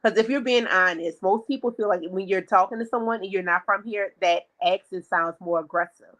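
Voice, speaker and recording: Speaking briskly in a mid-range voice, this podcast co-host recounts a story during casual chat. She's lively throughout, voicing each character's dialogue as she goes.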